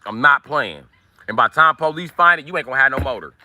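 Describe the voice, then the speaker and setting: A man's voice: medium pitch, lively intonation, fast talker, background noise. A man hosting a livestream who rants in a profane, combative way in casual talk. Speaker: livestream host.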